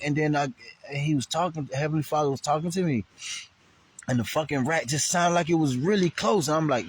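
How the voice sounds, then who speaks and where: A man's voice: on the high side, a little fast, a little hiss or hum. A man, telling a rambling, profane story to the camera and laughing often.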